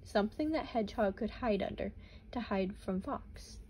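A woman's voice: mid-range voice, animated, normal speed, a little mellow, a little hiss or hum, poor audio. A woman teacher reading a children's picture book aloud and patiently explaining vocabulary words in simple terms for young children.

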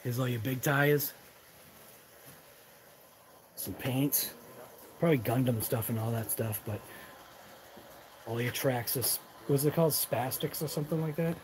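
Chatty Massachusetts guy, mid-pitched and non-rhotic, giving a rambling handheld walkthrough of a store with faint background hum. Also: unhurried, pauses often. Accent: Boston-area Massachusetts, non-rhotic. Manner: rambling, chatty, muttered asides, drops his R's. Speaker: channel host. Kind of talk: live walkthrough vlog. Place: indoors in a large hobby shop.

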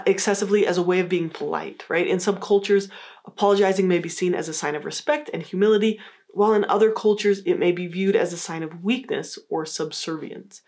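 A woman psychologist giving a calm, encouraging educational talk, acting out example phrases in a lighter voice. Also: mid-range voice. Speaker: psychologist teaching a course. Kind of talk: scripted educational explainer.

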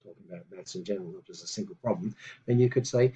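A man teaching a language lesson on video, explaining patiently with many fillers and reading example phrases slowly. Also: fairly low pitch, dark tone.

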